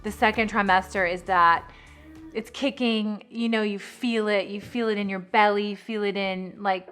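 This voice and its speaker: A pregnant woman vlogging to camera in a chatty, fast, filler-heavy way, a little out of breath. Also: mid-range voice, fairly even intonation, fairly bright tone, soft background music. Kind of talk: casual chat to camera.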